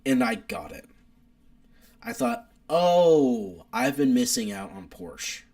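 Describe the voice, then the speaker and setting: A young man chatting casually on a live stream with an animated, rambling delivery. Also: slow, gravelly. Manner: animated, rambling car enthusiast, wide pitch swings.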